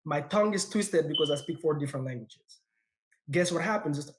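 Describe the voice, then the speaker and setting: A man with a non-native English accent, a podcast guest talking in an energetic, emphatic way and repeating words when excited. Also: on the high side, fairly quick. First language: not English; speaks four languages. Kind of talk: casual podcast conversation.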